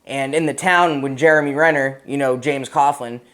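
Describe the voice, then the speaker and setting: Male veteran guest, 30s, Massachusetts accent; relaxed, profane, rambling storyteller. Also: mid-range voice, moderate pace. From Massachusetts, USA. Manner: profane, rambling, laid-back, frequent "man" and "you know". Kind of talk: casual storytelling interview.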